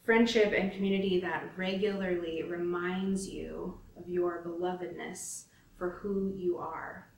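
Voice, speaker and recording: A woman leading a spoken devotion, slow, gentle and reflective, inviting listeners into a prayerful practice. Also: fairly low pitch, fairly even intonation, gravelly, slight background noise. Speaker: devotion leader. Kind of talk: spoken devotion with scripture reading. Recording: roomy, from a distance.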